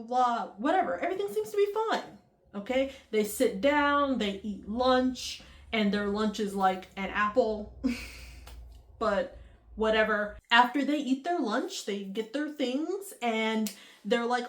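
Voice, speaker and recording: A woman's voice: on the high side, animated, measured pace. A woman vlogger casually recapping a movie in a chatty way, full of fillers, acting out the characters' lines as she goes. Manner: chatty, lots of "like" and acted-out quotes. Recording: echoey room.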